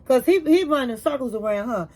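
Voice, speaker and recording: A woman's voice: high voice, animated, brisk, a little mellow. A woman giving a casual, chatty recap of a reality show. She tells the story with emphatic repetition and calls her viewers honey. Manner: emphatic repetition when reacting.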